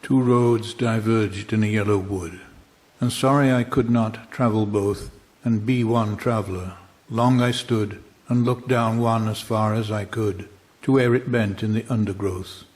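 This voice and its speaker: Low-voiced man reading poetry solemnly. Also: steady tone, unhurried, darkish tone. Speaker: poetry reader.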